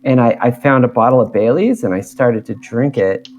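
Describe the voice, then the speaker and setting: A man's voice: medium pitch, moderate pace, a little mellow. A man co-hosting a podcast, telling a story in an easygoing, chatty way. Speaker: podcast co-host. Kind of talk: casual chat. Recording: dull lo-fi sound.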